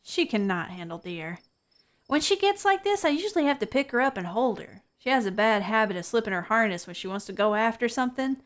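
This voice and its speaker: A woman's voice: a little high, lively intonation, a little fast, close to an everyday voice. A woman voicing a cheerful young hiker and cryptid hunter who talks in a chatty, reassuring way. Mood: fond.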